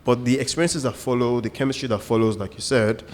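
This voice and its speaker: A man's voice: mid-range voice, fairly even intonation, fast talker, in a large hall. A man, co-hosting a casual podcast chat and explaining his views through examples and asides. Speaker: co-host.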